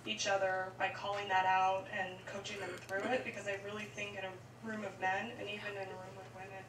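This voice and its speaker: A woman's voice: mid-range voice, completely flat delivery, fairly quick. Woman asking questions, far and echoey. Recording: distant mic in echoey room with noise.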